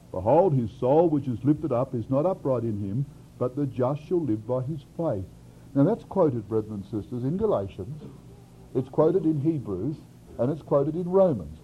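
A man preaching an expository sermon, swinging from loud emphasis to quiet asides. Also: a little high, slight background noise. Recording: dull lo-fi sermon recording.

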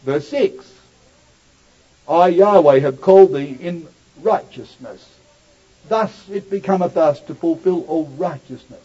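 A man's voice: fairly high pitch, unhurried, mellow. A man preaching a sermon, addressing the listeners as brothers and sisters and rising to emphatic peaks on scripture. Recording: dull lo-fi recording.

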